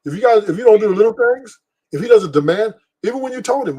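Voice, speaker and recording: On a live stream, a middle-aged podcast host gives his opinions in a casual, rambling way, blunt and profane and laughing often. His voice is high-pitched, expressive and warm, and he talks fast.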